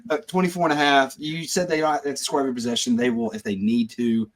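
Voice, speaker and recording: Regular mid-pitch guy on a betting podcast, quick back-and-forth, says stuff twice. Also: steady tone. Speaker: podcast panelist. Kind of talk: casual sports betting chat.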